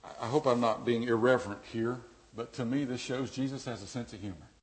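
A man preaching a sermon as pastor, dynamic, dropping to a hush and then rising loud and emphatic. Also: medium pitch, steady tone, fairly quick.

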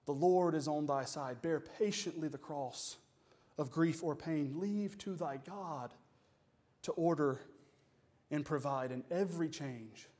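A pastor preaches a Sunday sermon from the pulpit in a slightly high voice, moving between quiet, deliberate phrases and rising, forceful declarations. He uses dynamic swells and pauses and says "y'all."

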